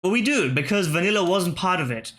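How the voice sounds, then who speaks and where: A man hosts a gaming channel, muttering his way through word puzzles in casual let's-play commentary. His voice sits a little high for a man and rings bright and sharp, with offhand swearing and half-finished thoughts. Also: expressive, fast.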